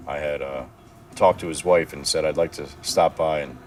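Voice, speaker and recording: A man's voice: extremely low pitch, normal speed, a little hiss or hum. A man from New Jersey on a casual livestream, rambling and swearing as he tells stories. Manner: rambling, profane, animated storytelling. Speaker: livestream guest.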